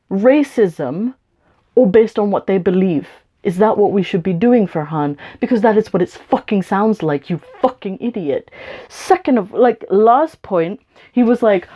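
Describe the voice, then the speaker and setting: A woman's voice: medium pitch, expressive, normal speed, warm tone. A woman vlogging to her camera, ranting angrily with lots of swearing and sarcasm. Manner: profane, sarcastic and confrontational. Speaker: YouTuber. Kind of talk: angry rant to camera.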